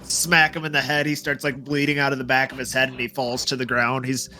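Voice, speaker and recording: Bright-voiced man running a tabletop game. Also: medium pitch, flat delivery, a little fast. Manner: loose, filler-heavy narration. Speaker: game master.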